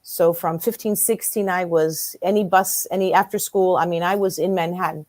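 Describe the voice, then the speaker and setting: A woman's voice: fairly low pitch, normal speed, dry recording. A woman in her fifties, a guest in an interview, telling a personal story casually and acting out the dialogue as she goes. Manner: animated storyteller who acts out quoted dialogue.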